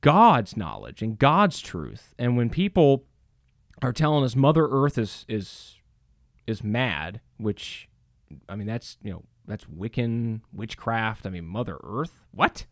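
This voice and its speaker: A man's voice: medium pitch, sing-song, takes it slowly, no room sound, studio quality. A middle-aged man preaching to a church audience, emphatic, with rhetorical questions and many fillers. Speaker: church speaker. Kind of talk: preaching talk.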